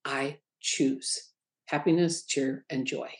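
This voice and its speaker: A middle-aged woman, a guest author, telling personal stories in an interview and acting out the voices of people she quotes. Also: slow pace. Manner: animated, acts out quoted voices in a high pitch. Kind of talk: storytelling interview talk.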